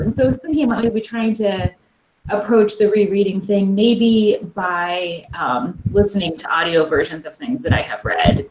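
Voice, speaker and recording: A woman librarian co-hosts a loose chat about reading, rambling along with frequent laughs. Her voice sits at a middle pitch. The room around her sounds echoey. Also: background noise. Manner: chatty, rambling, laughs often. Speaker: librarian co-host. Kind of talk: casual chat about books.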